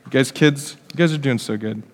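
A man's voice: medium pitch, fairly quick. A middle-aged male pastor preaching a family sermon, speaking directly to the kids and acting out what family members say. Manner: lively, addresses kids directly, acts out family quotes. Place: church hall. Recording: long hall reverb.

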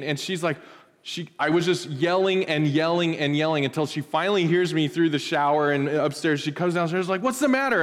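A middle-aged male pastor preaching in a church, his voice sitting a little high for a man. He talks to the congregation in a conversational way and swells into loud, animated bursts. The sound carries a long reverb from the hall. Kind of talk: sermon. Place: church sanctuary.

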